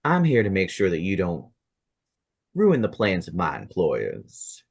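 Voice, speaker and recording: A man's voice: deep voice, wildly swooping pitch, a little slow, vocal fry, breathy edge, no echo, clean studio sound, full character voice. A man doing a smug drawling cowboy gunslinger.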